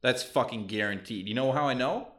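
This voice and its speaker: A man's voice: medium pitch, fairly quick, a bit bright. A man co-hosting a crude, casual podcast, swearing heavily and ranting with animation. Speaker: podcast co-host.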